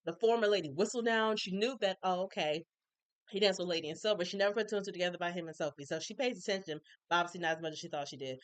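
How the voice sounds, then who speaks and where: A woman recapping a TV episode in casual chat, opinionated and animated, acting out characters' lines with colloquial asides. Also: lowish voice, very fast, no echo. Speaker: recap reviewer.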